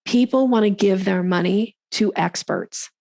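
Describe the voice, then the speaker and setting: Gravelly, emphatic woman sales coach. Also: a little slow, dark tone, dry recording. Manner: emphatic, acts out quoted speakers in a higher voice. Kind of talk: casual interview conversation.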